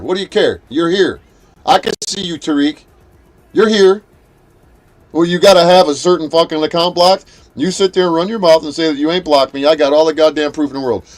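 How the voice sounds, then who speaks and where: A man hosting a live stream, ranting at a rival and at trolls in a profane, confrontational, mocking way while greeting his chat. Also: on the high side. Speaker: livestream host.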